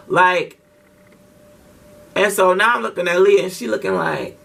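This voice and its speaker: A man's voice: high-pitched, measured pace, vocal fry, pauses often, fairly bright tone, distant mic. A man telling a story casually to his vlog audience, slangy and profane, with lots of restarts. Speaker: vlogger.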